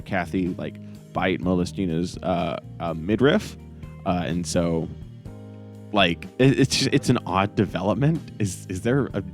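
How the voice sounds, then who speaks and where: A man hosting a casual manga review chat, rambling and joking as he mock-quotes the characters. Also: deep voice. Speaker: podcast host.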